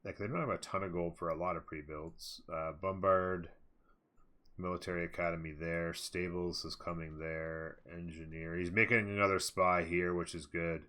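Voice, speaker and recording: A man's voice: deep voice, little pitch movement, normal speed, bright, forceful tone. A man casting a live strategy game match, talking casually and rambling with fillers as he thinks aloud. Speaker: esports caster.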